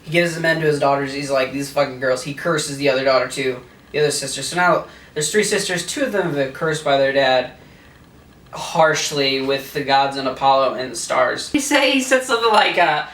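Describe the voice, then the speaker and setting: A man's voice: medium pitch, animated, a little fast, fairly bright tone, roomy sound, distant mic. A tipsy man rambling through a crude, laughing comic retelling of a play. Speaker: host.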